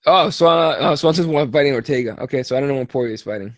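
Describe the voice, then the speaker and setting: A tired man co-hosting a casual sports podcast, talking in a profane, animated and rambling way. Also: medium pitch, rapid-fire, dry recording, clean studio sound. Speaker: podcast co-host.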